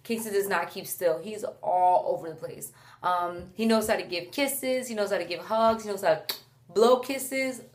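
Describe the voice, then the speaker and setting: Young mom vlogging at home w/ her baby on her lap, chatty and animated, turns to talk to the kid now and then. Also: medium pitch, normal speed. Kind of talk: casual chat to camera while holding her baby. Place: at home indoors.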